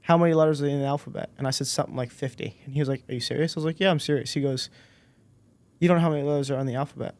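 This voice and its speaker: A man in his twenties, a podcast guest, telling a personal story in a relaxed way and acting out the dialogue. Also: fairly high pitch, rapid-fire. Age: 20s. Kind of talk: casual storytelling interview.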